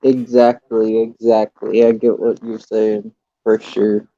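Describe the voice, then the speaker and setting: A man's voice: lowish voice, little pitch movement, takes it slowly, mellow, no echo, lo-fi sound. A man hosting a live stream in casual chat, laid-back and laughing easily, with casual swearing.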